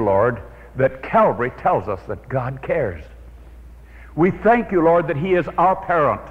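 A man preaching a sermon to an audience in a hall, telling stories in an animated way and praying aloud. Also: mid-range voice. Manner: animated storyteller, prays aloud. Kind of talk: evangelistic sermon with storytelling. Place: church or meeting hall with an audience. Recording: dull old recording in a reverberant hall.

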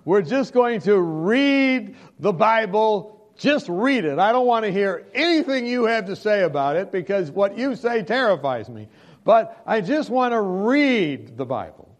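A man's voice: high voice, animated, brisk, hardly any pauses, darkish tone, pitched above the performer's own voice. A preacher putting on a fearful, stubborn man. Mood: insistent. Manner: pleading, insistent. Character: fearful stubborn man dodging Bible study.

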